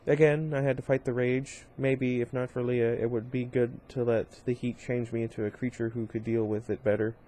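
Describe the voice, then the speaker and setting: A man's voice: medium pitch, level tone, moderate pace, few pauses, dark tone, slight background noise. A man reading a novel aloud in an informal way, with small slips, restarts and brief asides. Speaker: reader.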